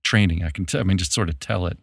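A man from Memphis with a very deep voice, hosting a podcast in casual conversation. He rambles loosely and restarts his sentences, and the sound is dry and close with no room around it. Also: racing, creaky, a bit bright, slightly rough, no room sound. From Memphis, Tennessee, US. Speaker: podcast host.

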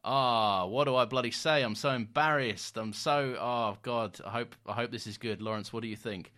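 A man's voice: medium pitch, moderate pace, bright, forceful tone. A young man co-hosting a podcast in casual, joking, self-deprecating chat. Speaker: podcast co-host.

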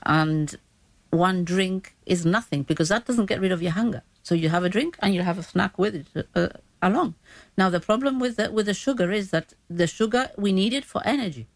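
A woman's voice: medium pitch, brisk, dry recording. A woman, a diabetes educator guest explaining things patiently on a radio chat, often restarting her sentences.

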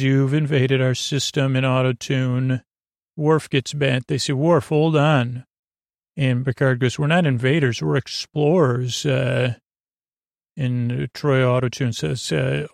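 A man hosting a podcast, giving a sleepy, unhurried recap of a TV episode in a loose, rambling way. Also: medium pitch, creaky, no echo, clean studio sound. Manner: unhurried, loose retelling full of "he goes" and "uh". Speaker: podcast host.

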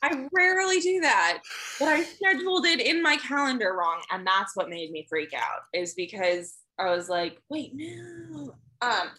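A young woman co-hosts a casual podcast, telling stories in a chatty, animated way full of fillers. Her voice is bright and a little high. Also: measured pace, poor audio. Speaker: podcast co-host. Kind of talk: casual chat.

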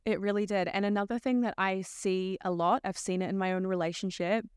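Smooth-voiced woman breathwork teacher, reflective podcast guest, dry close sound. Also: medium pitch, fairly even intonation, a little fast, no echo. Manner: reflective, speaks in flowing stories. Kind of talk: casual conversation.

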